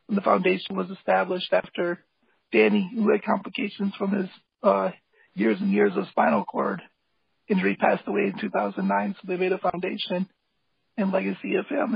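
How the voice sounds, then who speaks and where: High gravelly man, rambling and eager. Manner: rambling, filler-heavy, enthusiastic. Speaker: guest, hip hop artist and graphic designer. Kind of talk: casual interview talk. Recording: dull lo-fi call audio, dry.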